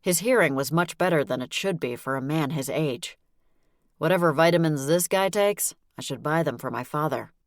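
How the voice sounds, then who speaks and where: A woman narrating a novel in the first person, with a wry, brisk delivery. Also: low-pitched, no room sound, studio quality. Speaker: audiobook narrator.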